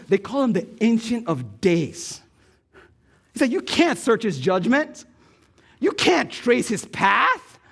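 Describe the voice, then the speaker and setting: A male pastor with an American Midwest accent, preaching a sermon in a joking, animated storytelling way and asking the room for replies. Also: very high voice. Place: church stage.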